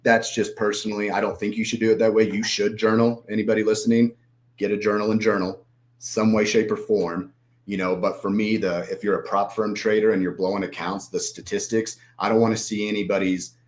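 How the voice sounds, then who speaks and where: A man's voice: fairly low pitch, little pitch movement, fairly quick. A man talking casually as a podcast guest, rambling and acting out his own inner voice.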